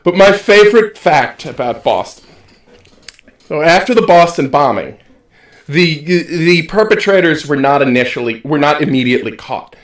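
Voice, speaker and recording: A podcast co-host, a man with a high voice that jumps all over the place. He jokes around and rambles, restarting his sentences as he goes. The sound has a roomy echo. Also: animated, normal speed. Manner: rambling, joking, trails off and restarts. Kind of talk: casual chat.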